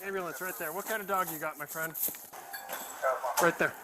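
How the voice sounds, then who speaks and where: A male police officer talking quietly and patiently, coaxing a man along. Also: high-pitched, fairly even intonation, fairly quick.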